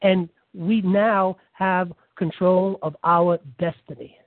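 A man's voice: high voice, fairly even intonation, slow, no echo. A man from New York State on a conference call, talking emphatically and pushing his points. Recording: tinny phone line, dry.

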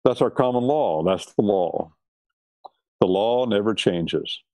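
Man, preacher, emphatic sermon delivery, lively swooping pitch, dry close sound. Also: slow, dry recording. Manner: emphatic, repeats key words. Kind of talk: sermon on law and scripture.

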